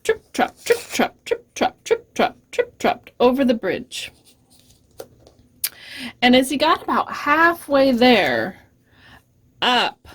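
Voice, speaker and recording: A children's librarian tells a story at storytime, gentle and expressive. She takes her time with every line, speaking slowly and clearly to young listeners. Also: medium pitch.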